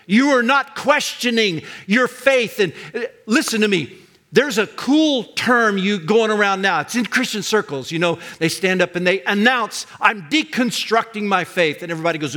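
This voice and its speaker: An older man preaching a sermon as pastor, talking in an emphatic way and rising to loud cries on key words. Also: high-pitched, lively intonation, moderate pace.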